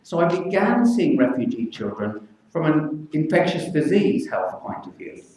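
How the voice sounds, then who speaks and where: An older man, a children's physician, speaking earnestly and with measured pauses to a public meeting. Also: on the high side, a little mellow. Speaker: pediatric infectious disease physician. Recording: echoey hall, mic from far off.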